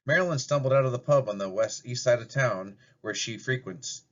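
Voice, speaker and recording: A man reads a fairy tale aloud in a plain, steady narrating voice. His pitch is ordinary for a man. The recording sounds dull and lo-fi. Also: a little fast. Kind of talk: amateur storybook reading.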